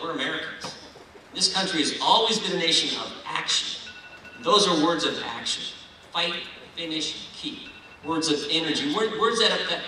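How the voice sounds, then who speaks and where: Folksy, rousing male keynote speaker from Ohio, bright, slightly high voice, echoey hall, mic at a distance. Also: a little hiss or hum. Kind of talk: political dinner speech. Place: large banquet hall.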